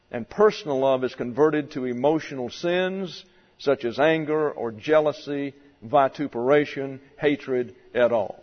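A pastor preaching a doctrinal sermon in a church, deliberate and stressing key words as he works through numbered points. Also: medium pitch. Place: church sanctuary. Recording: dull sound with long hall reverb.

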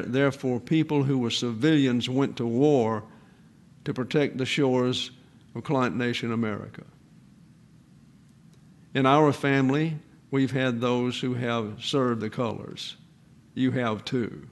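A man in his eighties, a pastor giving a sermon in an earnest, measured way with pauses. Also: medium pitch, fairly even intonation. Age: 80s.

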